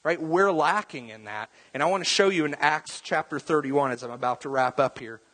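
A man's voice: fairly high pitch, fairly quick, fairly bright tone. Man preaching in a reverberant space. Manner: conversational, repeats words, acts out quoted voices. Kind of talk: sermon. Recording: long reverb.

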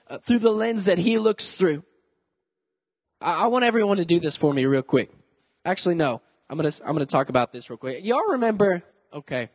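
Young male youth pastor, high voice with a gravelly edge, energetic, joking sermon. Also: in a large hall.

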